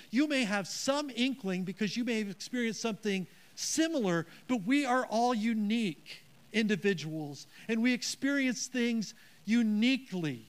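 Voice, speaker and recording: A man's voice: sits high, expressive, normal speed, few pauses. A man preaching a sermon as pastor, earnest and emphatic, with a self-deprecating touch.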